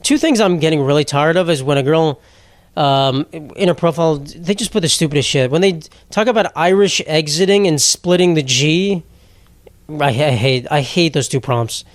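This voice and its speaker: A man's voice: a little high, normal speed, no echo. A young man hosting a solo comedy podcast, rambling bluntly and mocking himself, often laughing mid-sentence. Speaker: podcast host.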